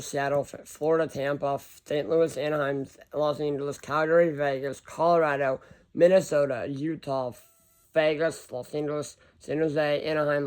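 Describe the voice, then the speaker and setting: A man's voice: on the high side, clear, resonant tone. A man talking casually to himself and his viewers, reading off lists of teams and often stopping to correct himself. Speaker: hockey vlogger. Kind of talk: casual thinking-aloud commentary.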